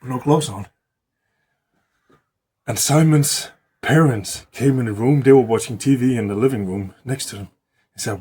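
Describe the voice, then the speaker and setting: A man's voice: mid-range voice, moderate pace, pauses often, darkish tone, husky. A man improvising a rambling, profanity-laced story in a casual way, often restarting words.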